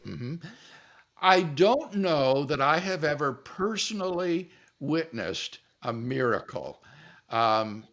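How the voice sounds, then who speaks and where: Animated older man, storytelling. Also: a little high, slow pace. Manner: animated storyteller, acts out quotes. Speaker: guest philosopher answering questions. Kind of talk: relaxed question-and-answer storytelling.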